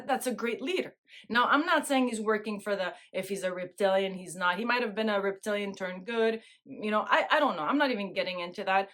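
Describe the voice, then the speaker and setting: Chatty middle-aged woman, higher voice. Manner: chatty, laughs often, keeps asking "right?". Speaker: host. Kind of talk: casual monologue to camera.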